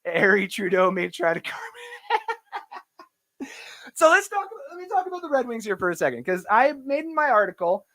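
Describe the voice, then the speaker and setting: Young guy ranting on a sports stream, bright voice, pitch swinging all over, swears a lot. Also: sing-song, moderate pace, pauses often. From Canada. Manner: fired-up, profane, reads chat comments aloud. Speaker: sports podcast host. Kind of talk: livestream sports rant and chat.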